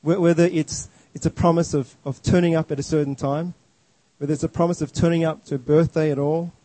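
A man's voice: on the high side, steady tone, fairly quick, dark tone, dry recording, low-quality recording. A man preaching a sermon in an earnest, emphatic way, often restarting his words.

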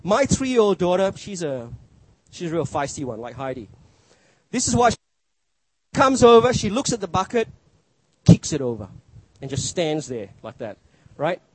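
A man's voice: high-pitched, sing-song, moderate pace, pauses often, husky, no echo, low-quality recording. A middle-aged male pastor preaching a sermon, emphatic, his voice rising and dropping for effect.

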